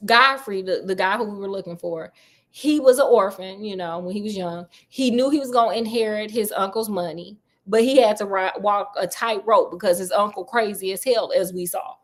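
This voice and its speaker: A woman casually retelling a classic story, chatty and full of slang and offhand asides. Her voice sits at an ordinary middle pitch. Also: moderate pace.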